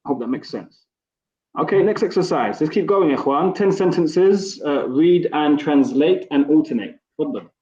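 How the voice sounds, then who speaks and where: A man's voice: fairly high pitch, animated, moderate pace, dark tone. A man teaching an Arabic class online, patiently correcting his students and encouraging them. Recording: roomy, dull lo-fi sound.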